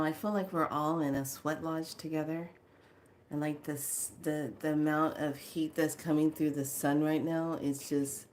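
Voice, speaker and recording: Woman from California, lowish voice, chatty and rambling, spiritual-consultant host talking to her viewers, faint hiss behind. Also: darkish tone. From California, United States. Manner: chatty, rambling, laughs often, dramatizes stories. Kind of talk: casual livestream chat.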